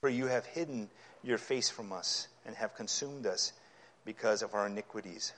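A man preaching a sermon, reading scripture aloud and explaining it, his delivery growing impassioned until he is nearly yelling. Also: lowish voice, moderate pace, a little hiss or hum. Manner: impassioned, rising to yelling at times.

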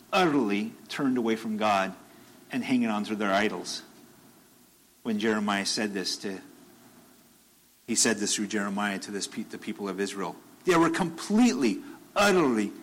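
A man's voice: on the low side, fairly bright tone, poor audio. A man delivers a sermon in an everyday, conversational tone. He circles back on his phrases, and his voice climbs into urgent, repeated questions when he makes a point. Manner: conversational, rises to emphatic bursts, repeats phrases. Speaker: preacher.

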